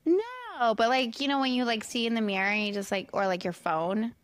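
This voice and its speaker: A woman's voice: on the high side, expressive, brisk, no room sound. A young woman co-hosting a podcast, telling candid stories in casual chat and laughing often. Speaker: podcast co-host.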